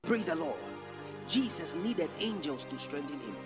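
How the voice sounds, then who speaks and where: Preacher man, lively swinging pitch, music bed behind, sermon with tongues. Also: unhurried. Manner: preaching with lively rising calls.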